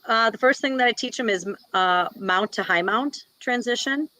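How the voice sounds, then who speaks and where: Woman martial arts coach, relaxed chatty guest, lots of fillers, dry close mic. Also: a little high, normal speed, no room sound, rough recording. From Wisconsin, US. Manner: chatty, many "like" and "you know" fillers. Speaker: guest, jiu-jitsu black belt and instructor. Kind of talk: casual interview talk.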